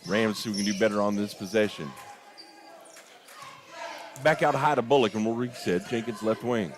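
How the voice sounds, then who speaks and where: A young man calling a basketball game play-by-play, openly partisan and quick to get worked up over big plays and missed calls. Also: lowish voice, slight background noise. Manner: excitable, rises sharply on big plays and disputed calls; openly partisan, admits getting emotional. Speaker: play-by-play announcer. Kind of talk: live basketball commentary.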